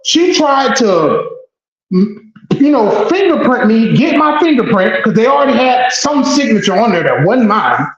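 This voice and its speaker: A man who is a guest telling an emotional first-person story, animated and blunt, repeating phrases and swearing. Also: extremely high pitch, measured pace. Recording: echoey dull lo-fi room.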